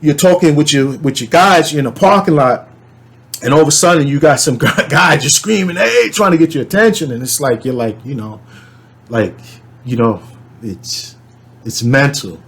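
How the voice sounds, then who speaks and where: A man's voice: mid-range voice, moderate pace. A man telling a dream to camera in a casual, rambling way, with many fillers and restarts. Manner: animated storyteller, shouts when reenacting. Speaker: channel host.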